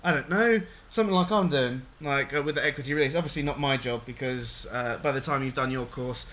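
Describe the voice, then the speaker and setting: A man's voice: medium pitch, brisk, a bit bright. A man hosting a radio show, chatting in a rambling way with restarts and the odd swear word. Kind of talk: casual radio chat.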